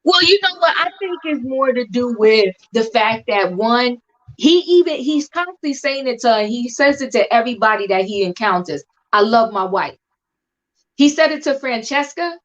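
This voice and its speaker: A woman co-hosting a casual chat about a TV show, talking in an animated, emphatic, slangy way. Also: on the high side, moderate pace. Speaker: podcast co-host. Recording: dull lo-fi recording.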